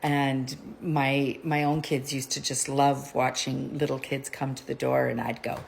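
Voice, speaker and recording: A woman's voice: low-pitched, normal speed, gravelly. A middle-aged woman telling rambling stories to her vlog viewers, chatty and digressive, laughing often. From Canada. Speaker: vlogger. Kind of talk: casual chat, rambling storytelling.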